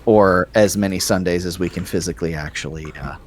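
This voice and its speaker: A man co-hosting a gaming podcast, talking haltingly with lots of fillers and laughing easily. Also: deep voice. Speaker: podcast co-host. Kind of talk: casual podcast chat.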